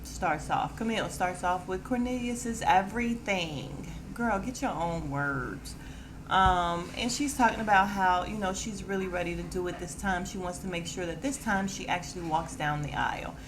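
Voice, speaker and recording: A woman's voice: fairly low pitch, moderate pace, background noise. Sassy woman recapping reality TV. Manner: sassy, animated, quotes cast members with attitude. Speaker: podcast host.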